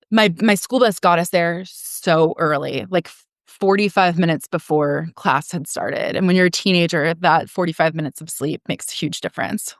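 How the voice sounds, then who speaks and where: A woman's voice: on the low side, dry recording, studio quality. A woman in her forties, a podcast guest telling her own story frankly, with frequent laughs and casual swearing. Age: 40s. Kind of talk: candid personal storytelling.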